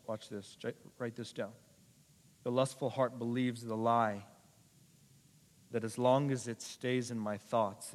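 A male pastor preaching a sermon to a congregation, building to loud, repeated urgent appeals. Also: mid-range voice. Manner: preaching with rising intensity and repetition. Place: church sanctuary. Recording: long hall reverb.

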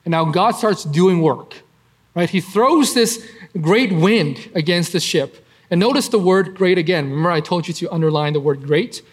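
A man's voice: high voice, normal speed. A man preaching and teaching through a Bible passage in a conversational way, with frequent fillers and tag questions like "right?".

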